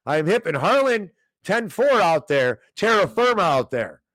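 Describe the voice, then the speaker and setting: Male host, casual stream commentary, animated rants at the chat, dry mic. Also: high voice, moderate pace, no echo. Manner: animated, ranting, talks straight to chat viewers. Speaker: host of a financial commentary show.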